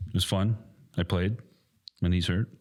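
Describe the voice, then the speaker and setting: A man in his thirties, co-hosting a casual podcast, telling an animated story, swearing often and acting out quotes loudly. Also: low voice, normal speed. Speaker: podcast co-host and airsoft field staff.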